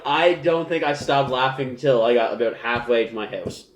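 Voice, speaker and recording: A man's voice: mid-range voice, normal speed. Young guy rambling through a story, laughing lots, echoey room. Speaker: podcast co-host. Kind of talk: casual chat among friends.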